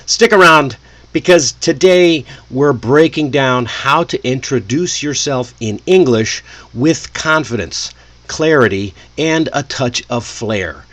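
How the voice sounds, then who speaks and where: A man teaching English in a lively, friendly way, often chuckling to himself. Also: mid-range voice, slow pace. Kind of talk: casual lesson delivery.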